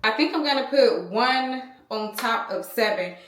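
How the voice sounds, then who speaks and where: This beauty vlogger, an American in her thirties, rambles to her viewers and calls them y'all, speaking a little slowly with lively intonation. Her fairly high voice has a fairly bright tone, and the small handheld camera in her home room records plenty of reverb.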